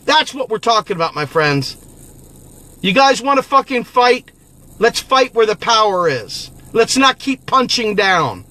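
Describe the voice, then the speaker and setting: A man's voice: very high voice, sharp tone. A man hosting an impassioned political monologue who talks in a profane, fiery, exhorting way. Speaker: political activist host.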